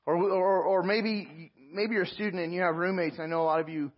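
A man preaching a sermon, telling a personal story with animated asides and self-mocking laughs. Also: sits high, a little fast, muffled recording. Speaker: pastor.

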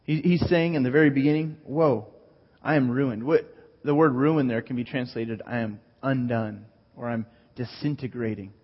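A man preaching a sermon, teaching earnestly and slowing down to read scripture aloud. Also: medium pitch. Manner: earnest teaching, reads scripture slowly, repeats words. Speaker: pastor. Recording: dull sound with long hall reverb.

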